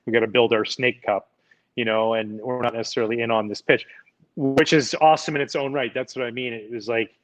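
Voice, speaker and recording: A man in his forties, a podcast guest, telling relaxed, rambling stories with lots of fillers. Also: mid-range voice, quick pace, muffled recording. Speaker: podcast guest, former pitcher. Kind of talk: casual storytelling chat.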